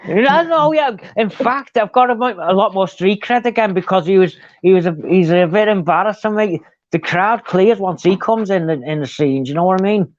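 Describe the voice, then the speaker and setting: A man telling animated stories in a casual live chat. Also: high-pitched, normal speed, dry recording, muffled recording. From England. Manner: chatty, animated storytelling. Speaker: co-host.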